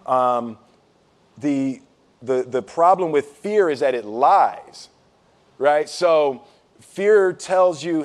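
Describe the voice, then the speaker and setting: A man speaking as an interview guest, telling stories with humor and pausing thoughtfully when serious. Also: fairly high pitch. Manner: animated, humorous storyteller who acts out scenes; reflective, halting with fillers when serious. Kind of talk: candid storytelling in a sit-down interview.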